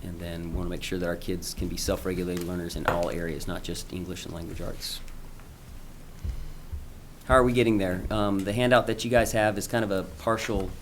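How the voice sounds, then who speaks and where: At a public school board meeting, a principal with a very low voice presents an update on his school, speaking informally with many ums, stops, and restarts. His intonation stays fairly even and his pace is slightly quick, with a faint hiss beneath the audio.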